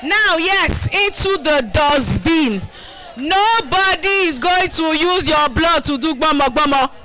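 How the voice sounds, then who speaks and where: A woman's voice: extremely high pitch, measured pace, bright, forceful tone, poor audio. A middle-aged woman with a Nigerian accent giving a live demonstration talk to a community group, rousing the crowd with call-and-response. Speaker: community health educator. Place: community gathering.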